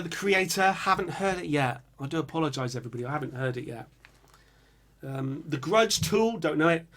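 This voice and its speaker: A man's voice: fairly high pitch, a bit bright. A young man hosting a casual music reaction, humming and singing riffs as he muses aloud over viewer picks.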